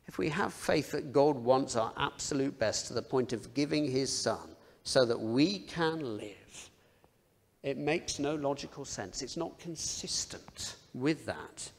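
Gravelly preacher in an echoing hall. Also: male voice, mid-range voice. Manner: conversational, self-deprecating, asks rhetorical questions. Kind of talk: sermon. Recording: long reverb of a large hall.

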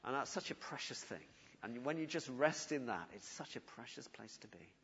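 A man preaching a sermon in earnest, pleading tones, often dropping to a soft, quiet voice. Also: medium pitch, expressive, moderate pace, slightly rough. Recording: dull audio with long hall reverb.

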